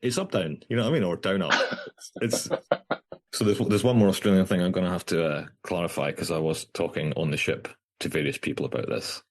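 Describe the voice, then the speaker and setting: A Scottish man with a very low, slightly husky voice chats quickly on a podcast. He is dry and self-mocking and laughs often. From Scotland. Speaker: podcast host. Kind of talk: casual chat.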